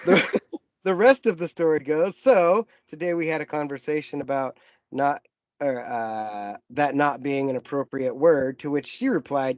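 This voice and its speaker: A man with a fairly high voice chats casually as co-host, often breaking into laughter mid-story. His sound is dry and a little muffled, like a home mic over an internet call. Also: unhurried, no echo. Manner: laughs often while telling stories. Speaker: podcast co-host. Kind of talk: casual chat.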